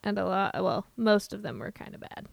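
A woman's voice: medium pitch, lively intonation, moderate pace, vocal fry, dry recording. A woman with a Midwestern accent co-hosting a podcast in casual, bubbly chat. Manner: bubbly, giggly. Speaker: podcast co-host.

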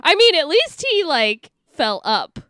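A woman's voice: sits high, sing-song, unhurried, a bit bright, no echo, studio quality. A woman co-hosting a casual movie podcast, making wry joking asides. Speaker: podcast co-host.

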